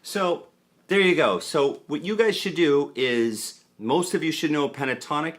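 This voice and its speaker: Lively-voiced man teaching guitar. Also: on the high side, measured pace. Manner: relaxed, counts beats aloud. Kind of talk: casual guitar lesson. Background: guitar playing.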